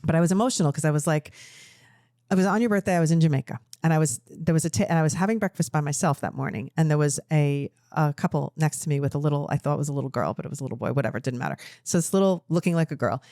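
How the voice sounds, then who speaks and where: A woman's voice: low voice, racing, warm tone, no echo, clean studio sound. A middle-aged woman co-hosting a podcast, chatting casually and telling emotional, rambling stories. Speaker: podcast co-host. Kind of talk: casual chat.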